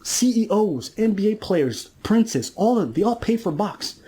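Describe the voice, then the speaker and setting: A man rants on a casual podcast as a commentator, mocking, telling stories and acting out other people's lines. His voice is high-pitched, warm and husky, with big pitch swings at normal speed.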